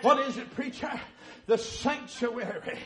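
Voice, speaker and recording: A man preaching a shouting revival sermon, chanting and drawn out, crying out woo and hallelujah. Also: very high voice, measured pace. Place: church sanctuary. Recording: echoey church with loud congregation. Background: congregation responding.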